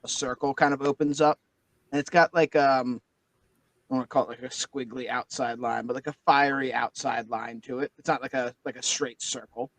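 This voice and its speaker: A man's voice: mid-range voice, fairly even intonation, brisk, fairly bright tone, no echo, rough recording. A man narrating a tabletop game as game master, describing scenes loosely with many fillers.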